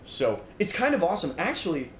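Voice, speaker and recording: A man's voice: sits high, big pitch swings, a little fast. Young man streaming, in an echoey room. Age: young adult. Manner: rambling, lots of fillers, reads chat aloud. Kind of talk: casual gameplay stream chat. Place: dorm-style room, standing while streaming. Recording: roomy echo, faint room noise.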